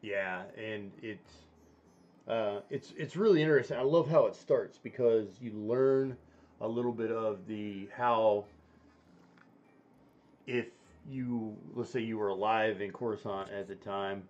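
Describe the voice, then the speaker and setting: A man's voice: fairly low pitch, measured pace, a little mellow, dull audio. A man hosting a casual chat, talking in a rambling way with many fillers and restarts. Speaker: stream host.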